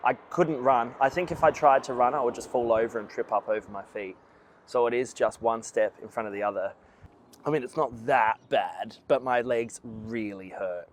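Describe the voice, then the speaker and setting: Weary from walking a long route, a man vlogs to the camera beside roads, speaking plainly and poking fun at himself. His medium-pitched voice moves at normal speed, with slight background noise.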